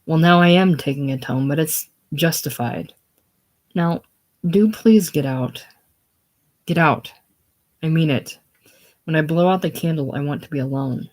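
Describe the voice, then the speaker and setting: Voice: mid-range voice, unhurried, long pauses, natural voice. A reader voicing a weary, curt young writer. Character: tired young man, a writer, prim and irritable. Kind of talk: casual play reading.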